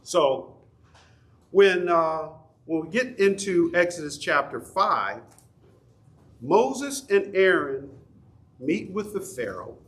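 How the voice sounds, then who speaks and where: Middle-aged male Bible teacher with a somewhat high voice, chatty, quizzes his class. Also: big pitch swings, takes it slowly, long pauses, a bit bright. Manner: conversational, folksy, asks the class questions. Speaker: Sunday school teacher. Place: church classroom.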